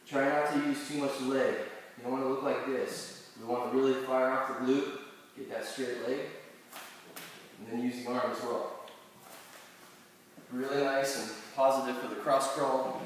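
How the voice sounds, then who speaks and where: A man's voice: medium pitch, far from the mic, a little hiss or hum. A man, a chiropractor, talking viewers through back exercises step by step and restarting his phrases now and then. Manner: step-by-step coaching with small restarts. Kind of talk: exercise instruction. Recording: very echoey room, heard from afar.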